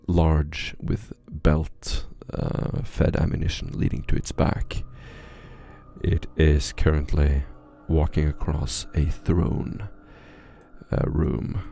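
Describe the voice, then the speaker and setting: Deep gravelly game master narrating. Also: male voice, little pitch movement. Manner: measured descriptive narration with frequent soft, near-whispered asides.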